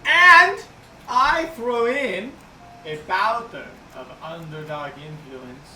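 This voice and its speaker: A man's voice: high-pitched, animated, extremely slow, sharp tone, roomy sound, distant mic, a little hiss or hum, heavily acted, low-quality recording. A man voicing a pushy male goblin merchant boss who barks orders and sells hard in broken grammar. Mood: wheedling deal.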